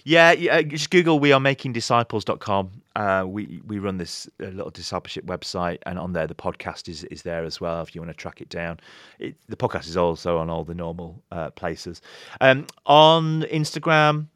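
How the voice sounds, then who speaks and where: Brief: low-voiced pastor, animated storyteller, dry close sound. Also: male voice, moderate pace, dry recording. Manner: animated storyteller, voices quoted people with pitch jumps. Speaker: pastor and author, podcast guest. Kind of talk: casual podcast interview.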